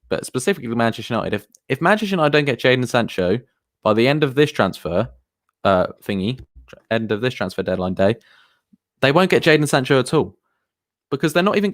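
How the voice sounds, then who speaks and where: A man's voice: medium pitch, no room sound, clean studio sound. A man chatting casually on a live stream as a football streamer, rambling and answering viewers. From England.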